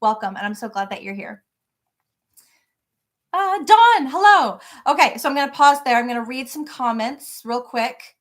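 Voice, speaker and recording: Middle-aged woman, slightly high voice, bubbly live-stream host chatting from her home office. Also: fairly quick, fairly bright tone. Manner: bubbly, greets viewers by name. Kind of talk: casual live-stream chat.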